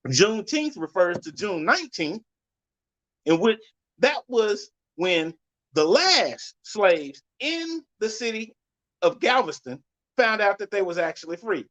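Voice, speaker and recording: A man hosting a podcast, giving a loud, blunt, cursing rant with sudden jumps in pitch. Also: sing-song, a little slow. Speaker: podcast host. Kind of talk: profane ranting monologue. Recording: dull lo-fi sound.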